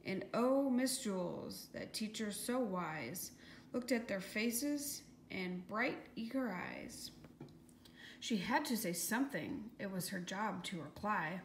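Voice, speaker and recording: A woman's voice: medium pitch, lively intonation, takes it slowly. A woman reading a rhyming children's story aloud in a lilting, sing-song manner. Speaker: audiobook reader. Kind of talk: scripted rhyming storybook narration. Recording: echoey room with faint hiss.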